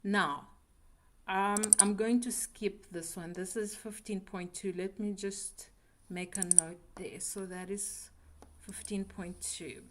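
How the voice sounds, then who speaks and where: A woman teaching a beginner English class, patient and clear, often checking with "right?". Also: medium pitch, fairly even intonation, a little hiss or hum. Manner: patient, slow, checks understanding with frequent "right?".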